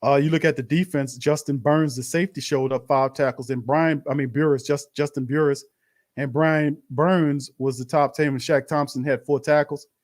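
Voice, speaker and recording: A man's voice: a little high, fairly even intonation, normal speed. A man hosting a live-stream watch party, commenting bluntly on a loss and calling his viewers fam. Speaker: sports show host.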